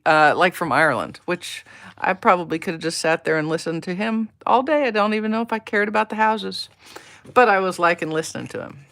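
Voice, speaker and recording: A woman's voice: lowish voice, fairly bright tone. A woman demonstrating a card-making project on a live stream, chatting along as she works and greeting viewers by name. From United States. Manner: talks to herself while working. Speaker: papercraft demonstrator. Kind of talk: live-stream craft tutorial.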